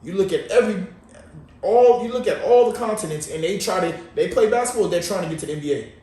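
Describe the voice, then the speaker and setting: Speaking quickly with a high, warm voice and lively intonation, a man co-hosts a podcast, chatting in a rambling, slangy, easygoing way. He's well away from the microphone, and the echoey room carries faint noise.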